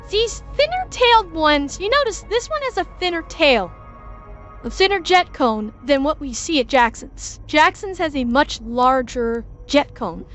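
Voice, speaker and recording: A woman's voice: high-pitched, a bit bright. A woman streamer giving a casual game tutorial, talking her viewers through each step as she plays. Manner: chatty, explains step by step while addressing chat. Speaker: game streamer teaching a lesson.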